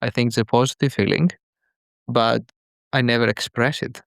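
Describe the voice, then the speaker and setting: Earnest, halting male caller. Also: mid-range voice, fairly even intonation, vocal fry, a bit bright, clear, resonant tone, no room sound, clean studio sound. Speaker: caller, father. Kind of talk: call-in show conversation.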